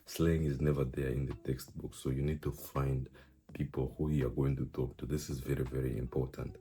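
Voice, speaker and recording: A man's voice: very deep voice, little pitch movement, brisk, warm tone, breathy edge. A young man giving casual language-learning advice in a rambling, playful way, full of fillers. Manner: rambling, chatty, many fillers; playful, teasing.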